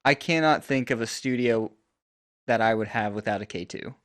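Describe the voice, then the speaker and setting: A man's voice: mid-range voice, normal speed, a bit bright. A man co-hosting a casual audio podcast, giving loose opinions full of fillers like "like" and "um". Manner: loose, filler-heavy talk with lots of "like". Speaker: podcast co-host. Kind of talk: casual podcast chat on microphones.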